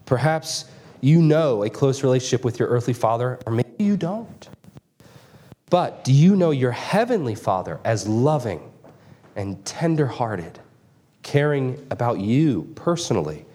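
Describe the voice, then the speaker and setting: Middle-aged male pastor preaching an earnest expository sermon in a medium-pitched voice. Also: big pitch swings, unhurried, warm tone, husky. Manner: earnest, questioning the congregation directly.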